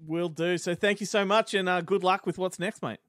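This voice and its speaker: A man hosts a casual interview in a friendly, encouraging way. His voice sits a little high and sounds dry and close. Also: steady tone, brisk, fairly bright tone, no echo. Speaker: interviewer host.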